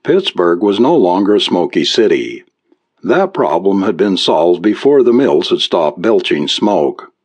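A man reading a story aloud as audiobook narrator, measured and expressive. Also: low voice.

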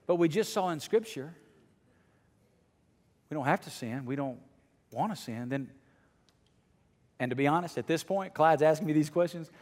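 A middle-aged male pastor preaching a sermon to his congregation, dropping to a hush and then rising almost to a shout. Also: fairly high pitch, expressive, normal speed, long pauses, big-room sound. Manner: swings from hushed to near shouting. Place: church sanctuary.

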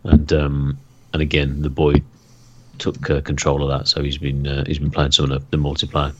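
A man's voice: a bass voice, monotone, highs cut off, background noise. A man co-hosting a casual gaming podcast, rambling and restarting his sentences. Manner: rambling, halting, many restarts. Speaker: podcast co-host.

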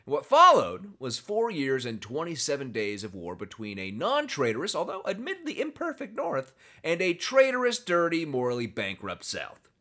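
Brief: a sarcastic, animated male podcast host who swings his pitch widely. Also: moderate pace, few pauses. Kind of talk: casual podcast chat.

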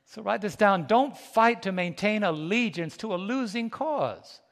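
High-voiced New preacher in a reverberant hall. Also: male voice, a little slow, creaky. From United States. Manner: animated, preachy call-and-response with the congregation; laughs between stories, folksy colloquial speech. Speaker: pastor. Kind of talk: sermon. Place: church sanctuary.

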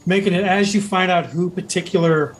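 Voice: mid-range voice, fairly quick, slight background noise, rough recording. A game master narrating a tabletop role-playing game in a rambling, hesitant way full of fillers.

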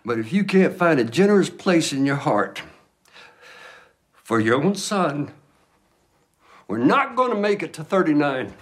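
A man's voice: on the high side, sing-song, measured pace, pauses often. An actor playing an exasperated husband who defends his son, blunt and threatening when angry, in a film clip. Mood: earnest.

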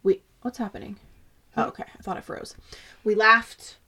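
A young adult woman co-hosting a podcast in casual, animated chat, leaning close to the mic and laughing often. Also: medium pitch, moderate pace, slightly rough. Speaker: podcast co-host.

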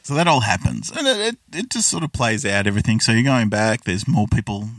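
A man's voice: lowish voice, big pitch swings, brisk, fairly bright tone, no echo, studio quality, far from the mic. A man chatting casually as a podcast co-host, rambling as he recaps a sitcom episode. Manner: rambling, with restarts and retelling.

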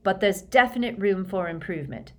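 A woman's voice: mid-range voice, expressive, fairly quick, close to an everyday voice. Brief: a woman doing a direct, encouraging teen boy leader in a storybook, close to her own voice. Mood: commanding. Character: earnest teenage boy leading a group.

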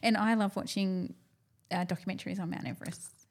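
A woman's voice: medium pitch, fairly even intonation, fairly quick, creaky. An Australian woman chatting as a podcast guest, laughing often and replying with short agreements. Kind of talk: casual chat.

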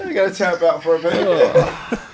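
Podcast co-host, a man with an animated voice, excitable, over steady noise. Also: high voice, moderate pace. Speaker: podcast panelist. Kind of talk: casual chat.

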